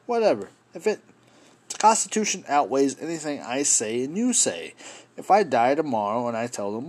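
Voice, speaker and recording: A man delivers a solo podcast rant with a husky, slightly breathy voice. His pitch swings widely as he rambles, swears and keeps appealing to his listeners directly. He sits in the middle range for a man. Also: sing-song, moderate pace, a little mellow. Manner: impassioned, rambling, swears, addresses listeners as folks. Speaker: podcast host.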